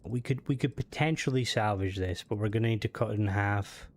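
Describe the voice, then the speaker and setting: A man's voice: lowish voice, a little fast. A man streaming a game, thinking aloud and mumbling as he builds a ship in casual commentary.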